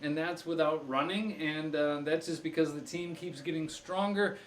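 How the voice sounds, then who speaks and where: A man's voice: fairly high pitch, normal speed, slight background noise. A young man on a live stream, thinking aloud through a crossword with many fillers and restarts. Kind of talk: casual live-stream chat.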